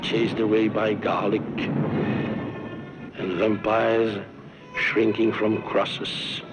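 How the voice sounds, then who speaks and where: A man's voice: fairly low pitch, flat delivery, over music, rough recording. An actor playing a scornful man who dismisses old superstitions, heard in an old film soundtrack. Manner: slow, measured and scornful.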